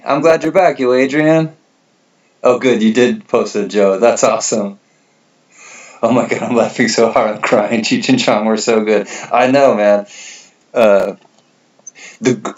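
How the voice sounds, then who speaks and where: A man's voice: fairly low pitch, a little mellow, lo-fi sound. A man hosting a casual livestream, reading out viewer comments and rambling with a laid-back, laughing manner. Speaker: livestream host.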